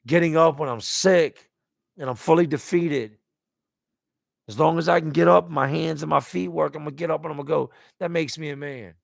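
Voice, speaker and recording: A man with a gravelly, fry-heavy voice talks openly on a live stream, reading out viewer comments between his own thoughts. His speech is blunt and casual, with swearing and repeated words. The recording is dry and close, with no room sound. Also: on the high side, a little fast, no echo. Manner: candid and emotional, repeats words when searching for them.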